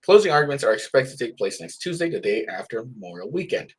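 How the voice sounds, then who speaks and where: Man, stuffy nose, husky, animated pitch, rambling casual commentary. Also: quick pace. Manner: rambling, many restarts. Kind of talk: casual commentary on live updates.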